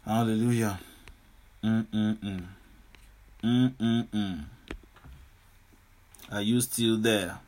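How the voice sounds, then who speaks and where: A man's voice: fairly low pitch, steady tone, extremely slow, pauses often, darkish tone. A man preaching a sermon, repeating himself often and breaking in with hallelujahs and amens. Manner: repetitive, exclamatory with frequent hallelujahs and amens. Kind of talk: sermon teaching.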